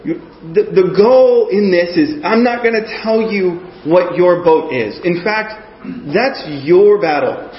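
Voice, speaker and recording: A man's voice: sits high, slow, few pauses. A man giving a conversational sermon, earnest and often checking in with his listeners. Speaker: preacher. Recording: echoey muffled room recording.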